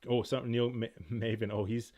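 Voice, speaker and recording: A man hosting a casual live stream from home, rattling through viewer questions at a rapid clip and reacting to each one. His voice sits at a middle pitch with a plain, everyday tone. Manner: rapid, rambling, jumps between thoughts; reads chat comments aloud and reacts excitedly. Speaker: host of outdoor gear channel.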